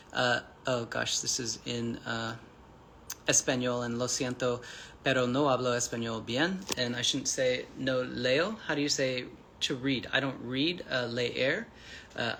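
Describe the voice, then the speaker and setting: A man's voice: medium pitch, sharp tone, slight background noise. A man hosting a casual livestream, reading out and answering chat comments in a friendly, rambling way with many fillers and restarts.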